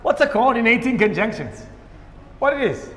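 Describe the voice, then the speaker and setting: A man's voice: extremely high pitch, very animated, normal speed, fairly bright tone, a little hiss or hum. A male English teacher with a Somali accent, teaching grammar in a lesson, asking questions and answering them himself. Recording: echoey room with long reverb.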